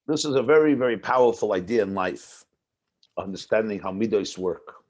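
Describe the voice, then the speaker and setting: A rabbi gives a class on a religious text, talking it through conversationally and doubling back on words as he works toward each point. His voice sits fairly low and has a husky edge. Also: animated, fairly quick, dull audio. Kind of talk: text-based lecture on a Hasidic discourse.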